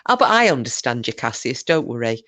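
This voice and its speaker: A woman's voice: very deep voice, big pitch swings, brisk, a bit bright. A Scottish woman hosting a casual livestream, reading viewers' comments aloud and chatting back in a teasing, chatty way with mild swearing. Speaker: livestream host.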